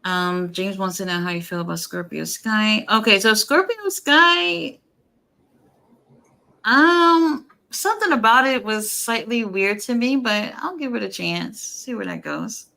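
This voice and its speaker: A woman co-hosting a live stream, chatting casually and running a trivia game with a relaxed, teasing manner. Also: mid-range voice, creaky. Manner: relaxed, unhurried, teasing chat. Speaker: co-host of a wrestling watch-along stream.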